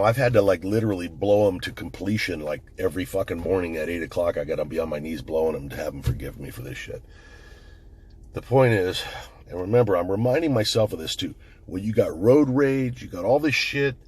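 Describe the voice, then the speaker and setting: A man's voice: on the low side, a little mellow, slightly rough. A middle-aged man who is the channel host, talking bluntly in a casual monologue, swearing constantly as he tells stories.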